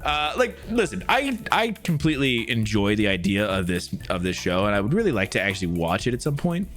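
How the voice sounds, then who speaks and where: Lively casual male streamer. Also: lowish voice, a little fast, faint music behind. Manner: rambling, laughs and swears, talks to chat. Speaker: streamer reacting to news. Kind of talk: casual live-stream news reaction.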